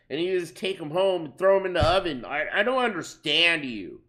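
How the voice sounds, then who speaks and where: A man's voice: sits high, animated, a little fast, hardly any pauses, a bit bright. A young man doing casual reaction commentary on a stream, crude and profane as he rambles through stories.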